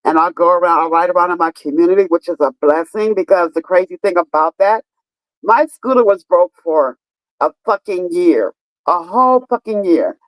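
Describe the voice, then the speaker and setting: A woman's voice: fairly low pitch, animated, normal speed, dry recording, poor audio. A woman in her fifties chatting casually on a live stream, telling stories emphatically with lots of swearing and talking straight to her viewers. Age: 50s. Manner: profane, emphatic storytelling, talks to viewers.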